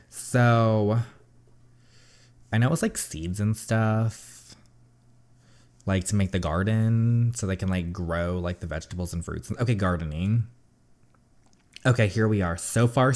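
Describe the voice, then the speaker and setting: A man hosting a gaming channel, reading a story game aloud and chatting about it in an excitable way, with many filler words. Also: low voice, a little slow, pauses often.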